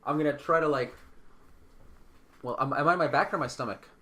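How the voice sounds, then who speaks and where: A man's voice: on the high side, brisk, sharp tone. A man playing a tabletop game as a player, talking casually, asking questions and swearing now and then.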